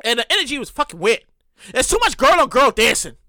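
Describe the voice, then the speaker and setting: A man hosting a solo comedy podcast, telling profane stories with frequent shouted outbursts. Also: very high voice, sing-song, quick pace, no room sound, clean studio sound. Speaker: podcast host.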